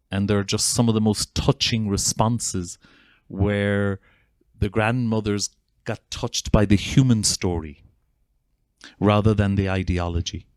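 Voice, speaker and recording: A Northern Irish man speaks in a lowish, dry voice with no room sound. He is an earnest, persuasive storyteller, a therapist making his case in conversation. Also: fairly even intonation, unhurried, no room sound. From Northern Ireland (Armagh). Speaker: guest, Gestalt psychotherapist.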